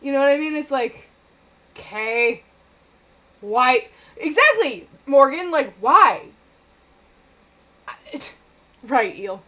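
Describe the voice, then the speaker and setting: A woman's voice: sits high, very animated, moderate pace, a bit bright. A woman streamer chatting casually while she plays a game, rambling with lots of fillers and swearing.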